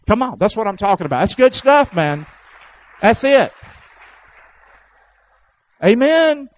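Preacher guy, high voice, call and response stuff, kinda muffled dry sound. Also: no room sound. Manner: call-and-response preaching, rising to loud fervent peaks. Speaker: pastor. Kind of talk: sermon. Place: church.

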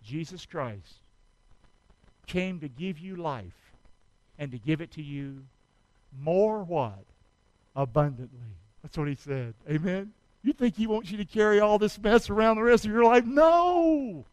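High-voiced preacher, call-and-response. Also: male voice, measured pace, long pauses, darkish tone, no room sound, poor audio. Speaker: pastor. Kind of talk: sermon.

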